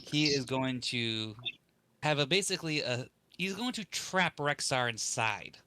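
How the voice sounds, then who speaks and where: A man playing a tabletop game, casually describing his character's actions in a relaxed way. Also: mid-range voice, a little slow, clean tone, no echo. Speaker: player.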